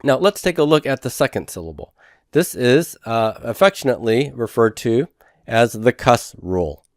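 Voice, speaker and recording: A man delivers a recorded lecture at an average pitch. He explains each point patiently and step by step, often posing questions to his students. The sound is dry and close, with no room echo. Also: expressive, moderate pace. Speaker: teacher.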